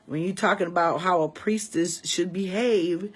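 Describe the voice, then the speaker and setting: A woman's voice: lowish voice, normal speed, breathy edge. A woman in her forties from Chicago's West Side, telling a story to her viewers in a casual, emphatic and profane way. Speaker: vlogger and priestess.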